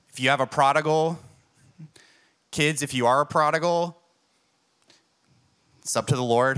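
Bright-voiced preacher telling stories. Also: male voice, medium pitch, smooth. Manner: emphatic storytelling, self-deprecating. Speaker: pastor. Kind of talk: sermon.

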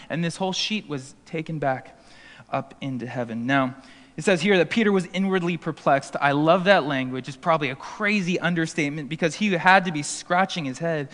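Lively preaching man, hall echo. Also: fairly high pitch, a little fast. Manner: lively storytelling, acting out biblical voices. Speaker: pastor. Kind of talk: sermon. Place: school auditorium used for worship.

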